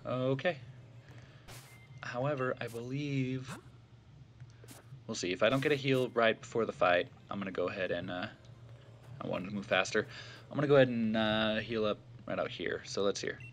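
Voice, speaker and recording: A man's voice: lowish voice, moderate pace, long pauses, a bit bright, slight background noise. A man giving casual let's-play commentary, thinking aloud with fillers and self-corrections. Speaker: gameplay commentator.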